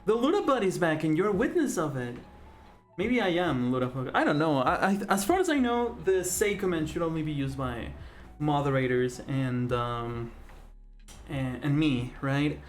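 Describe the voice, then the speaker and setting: A streamer talks casually while drawing, rambling with lots of fillers and restarts. The voice swings widely in pitch, and it jumps up into excited, laughing greetings to viewers. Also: moderate pace, soft background music. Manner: rambling and chatty, with frequent fillers and self-corrections; laughs easily, with sudden excited outbursts. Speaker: live-stream host.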